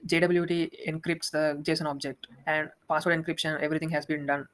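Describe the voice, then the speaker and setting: A young man walking through a software demo, talking quickly with many restarts. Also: a little high, low-quality recording. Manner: fast, flat, with frequent restarts and fillers. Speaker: student presenting a project demo.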